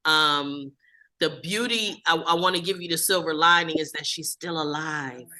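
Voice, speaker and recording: A man guides a support group and offers comfort, often restarting his sentences as he goes. His voice is sharp and tense, and a little higher than most men's. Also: moderate pace. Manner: encouraging, repeats and restarts phrases. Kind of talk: group facilitation.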